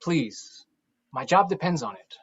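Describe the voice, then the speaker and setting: An actor playing a patient caregiver, pleading and gentle, mid-pitched voice, dull lo-fi sound, stage play. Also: lively intonation, a little slow, slightly rough. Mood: coaxing. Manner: coaxing, pleading.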